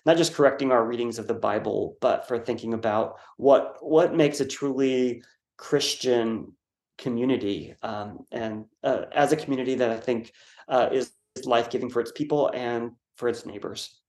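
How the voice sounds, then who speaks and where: A man's voice: mid-range voice, moderate pace, darkish tone. Male guest author in a roomy, echoing room. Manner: thoughtful, explaining with fillers and self-corrections. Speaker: guest author and Bible scholar. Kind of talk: conversational explanation in an interview. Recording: roomy echo.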